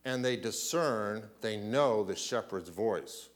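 A man preaching a sermon, asking rhetorical questions and often clearing his throat. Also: fairly low pitch, slow pace. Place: church.

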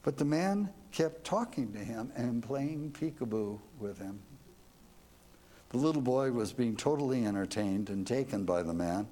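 A man's voice: medium pitch, expressive, measured pace, mellow. A man telling a devotional story as a sermon, earnest and reflective, ending with questions to his listeners. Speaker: preacher.

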